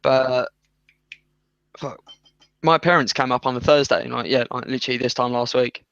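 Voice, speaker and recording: A man's voice: medium pitch, fairly even intonation, moderate pace, creaky, a bit bright, clean tone, no room sound. Young English guy, rambling sweary chat, dead dry, slightly muffled mic. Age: young adult. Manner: sweary, rambling, laughs often. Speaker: podcast co-host. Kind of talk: casual chat.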